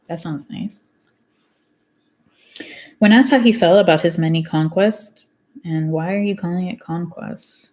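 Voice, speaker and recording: A woman's voice: fairly low pitch, unhurried, long pauses, a little mellow. A woman reading a self-help book aloud in a casual way, often stumbling over and rereading words and breaking off into candid side comments. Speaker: book reader.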